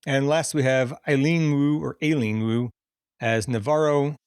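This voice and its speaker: A man's voice: medium pitch, unhurried, clear, resonant tone, dry recording. Laid-back male podcast host, dry mic. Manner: relaxed, laughs often, reads cast list. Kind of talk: casual chat.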